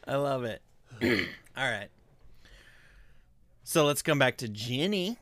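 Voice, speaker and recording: A woman's voice: very deep voice, sing-song, slow pace, a bit bright, dry recording. A woman co-hosting a casual comedy podcast chat, laughing often. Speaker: podcast co-host.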